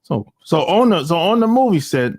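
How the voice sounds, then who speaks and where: An American vlogger with a slightly high, sing-song voice speaks at normal speed straight into his cell phone. His casual opinion monologue is blunt and slangy, with mocking asides.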